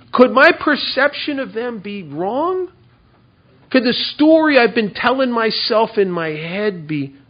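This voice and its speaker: A man's voice: on the high side, muffled recording. Candid man telling a recovery story. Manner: candid, confessional, self-mocking. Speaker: recovery speaker. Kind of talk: storytelling talk to a recovery meeting.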